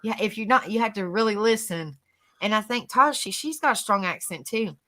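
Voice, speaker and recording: Bright-voiced woman hosting a chatty live stream. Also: mid-range voice, lively intonation, fairly quick. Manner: chatty, repeats herself, laughs easily. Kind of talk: casual chat on a live stream.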